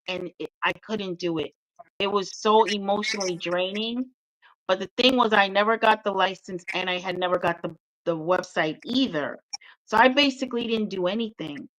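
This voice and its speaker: A woman's voice: mid-range voice, normal speed, a bit bright, no room sound, poor audio. A middle-aged woman, a guest author, telling her story with earnest feeling in a casual interview chat.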